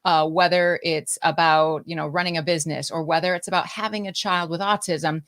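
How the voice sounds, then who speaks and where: A woman's voice: low voice, fairly even intonation, fairly quick, fairly bright tone. A woman hosting a live-streamed interview podcast, talking in an effusive, encouraging way and gushing with praise. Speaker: podcast host.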